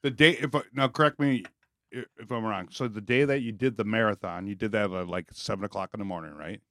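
A man's voice: lowish voice, fast, fairly bright tone, no room sound, clean studio sound. Man hosting a podcast, eager recapper. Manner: eager, recaps and prompts the guest. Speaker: podcast host. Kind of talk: casual podcast chat.

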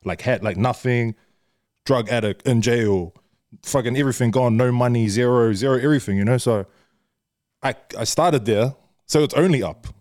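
A man's voice: mid-range voice, normal speed, darkish tone, no echo, clean studio sound. A young man with a New Zealand accent, a podcast guest who talks candidly, swears freely and laughs often in casual chat. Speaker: guest, social media influencer.

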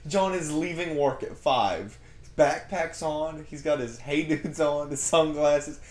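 Animated man telling a work story. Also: on the high side, measured pace. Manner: animated, laughs through his stories. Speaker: podcast co-host. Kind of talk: casual storytelling chat. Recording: roomy echo.

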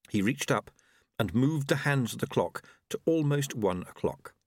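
Expressive man reading a novel. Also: mid-range voice, normal speed, slightly rough, no room sound, studio quality. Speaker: audiobook narrator. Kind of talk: scripted narration.

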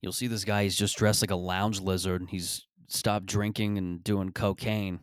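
A man's voice: low-pitched, flat delivery, moderate pace, clean tone, no room sound. A man hosting a comedy podcast, rambling through a profane, self-deprecating monologue. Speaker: comedian host.

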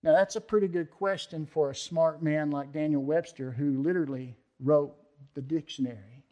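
A pastor delivers a sermon in an emphatic storytelling manner, his voice climbing for stress and falling hushed for prayer. He is a man with a fairly high speaking voice. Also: fairly even intonation, moderate pace. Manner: emphatic storytelling preacher, acts out quoted voices. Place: church.

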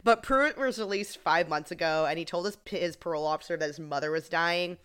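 A woman with a somewhat low voice chats through a TV episode recap. Her delivery is casual and wry, with laughs scattered through. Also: a little fast, a bit bright, clean tone. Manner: wry, laughing, acts out quotes. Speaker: podcast co-host.

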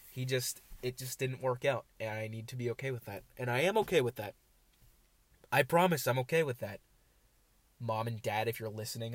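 A man's voice: medium pitch, a bit bright, dry recording. A man in his twenties hosting a casual solo podcast from inside his parked car, rambling and self-deprecating, sounding nasal as he comes down with a cold. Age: 20s. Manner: rambling, self-deprecating, swings between glum and jokey. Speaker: podcast host.

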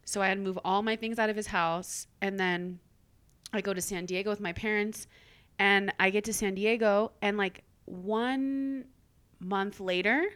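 A young woman hosts a casual podcast and tells a personal story with energy. She fills her talk with "like" and drops the odd swear word. Her pitch sits in the middle for a woman. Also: moderate pace, clean tone. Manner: animated storytelling, filler "like", swearing. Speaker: podcast host. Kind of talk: casual chat.

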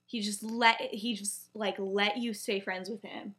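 A woman's voice: medium pitch, steady tone, measured pace, crowd noise. A young woman casually retelling a story on a podcast, chatty and full of "he's like" quotes. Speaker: podcast co-host.

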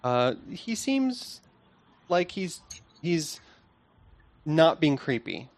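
A man's voice: fairly high pitch, big pitch swings, extremely slow. A man narrating as game master of a tabletop game, loose and full of fillers.

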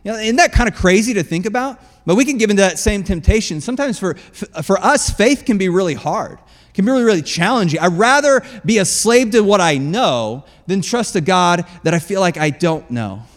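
A man preaching a sermon as pastor, conversational and animated, laughing often and acting out quotes. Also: high-pitched, brisk, big-room sound.

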